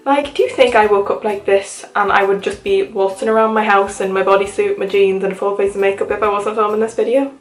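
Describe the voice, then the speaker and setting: A woman's voice: mid-range voice, steady tone, fast, few pauses, reverberant, poor audio. A woman of 21 from Ireland with a mixed Irish accent that carries touches of Liverpool and American speech. She talks to camera at home, chatty and upbeat, with lots of "like". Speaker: vlogger. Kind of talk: casual chat to camera. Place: her home.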